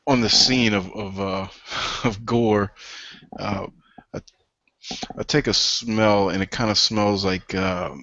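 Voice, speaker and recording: A man playing a tabletop game, describing his character's actions hesitantly, with pauses and jokes. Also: lowish voice, fairly bright tone, no echo. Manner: hesitant, full of pauses and restarts, joking. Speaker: player. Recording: dry, dull lo-fi call audio.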